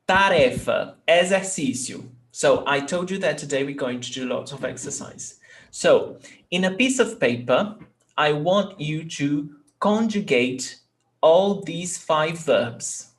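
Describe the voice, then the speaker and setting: A Portuguese teacher leads an online language class, animated yet speaking in an unhurried, deliberate way, his voice a little high for a man. He frequently pauses his explanations to check that students are following.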